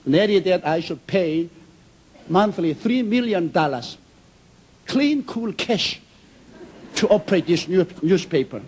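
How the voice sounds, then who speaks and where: A man's voice: high voice, lively intonation, measured pace, pauses often, darkish tone, slightly rough, low-quality recording. A man preaching a sermon, telling stories emphatically in simple, non-native English phrasing. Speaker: pastor.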